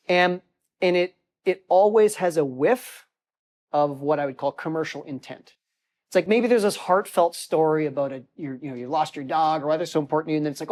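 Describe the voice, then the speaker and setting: A man's voice: a little high, moderate pace. A man hosting an interview and asking questions in a conversational, slightly wry way. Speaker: host.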